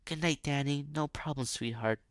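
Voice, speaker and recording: A fretful, fiercely protective middle-aged mother, voiced by a man reading her lines aloud. The delivery is halting and stumbles now and then over the words. The sound is dry, with no room echo. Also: a little high, clear, resonant tone, lightly acted.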